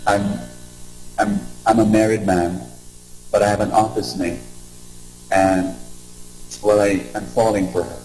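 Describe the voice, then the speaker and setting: A man voicing a troubled married man who is confessing a temptation, halting and full of restarts. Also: on the low side, little pitch movement, darkish tone, faint music behind, voice pushed down, close to an everyday voice, poor audio. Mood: hesitant, confiding.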